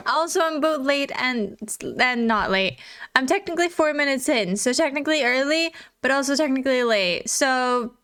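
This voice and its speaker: A woman's voice: high-pitched, a bit bright. A woman streamer in casual live chat, giggly and chatty, reading and answering chat.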